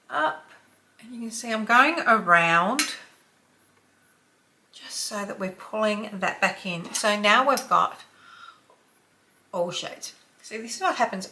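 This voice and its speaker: Slow, bright-voiced Australian woman vlogger. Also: mid-range voice. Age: 50s. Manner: chatty, slow and unhurried, drops to a whisper while blending. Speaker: beauty vlogger. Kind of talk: makeup tutorial chat.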